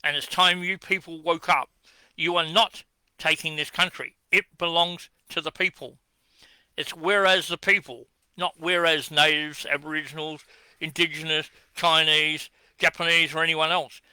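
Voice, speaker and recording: Combative Australian man with a bright, high voice. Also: steady tone, normal speed, clean tone, no echo. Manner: combative, accusing, rhetorical questions. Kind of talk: ranting address to camera.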